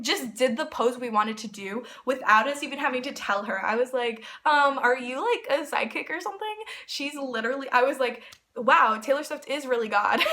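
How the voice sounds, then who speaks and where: A young woman telling a personal story in a vlog, excited and rambling, full of fillers and quoted dialogue. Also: fairly high pitch. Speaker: vlogger.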